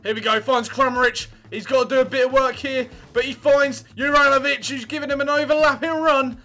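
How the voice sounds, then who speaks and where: Lad calling his football game, bright sharp voice, yelps n swears. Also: very high voice, a little fast, soft background music. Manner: excitable, shouts and yelps at near misses, swears. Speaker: gaming channel host. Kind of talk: live gameplay commentary.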